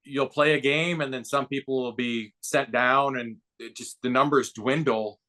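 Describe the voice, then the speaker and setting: A man in his fifties spins a long anecdote in relaxed, conversational interview style. His voice sits at an ordinary middle pitch and swings up when the story excites him. He slips into the voices of the people he quotes. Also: moderate pace. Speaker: podcast guest, baseball broadcaster and former player.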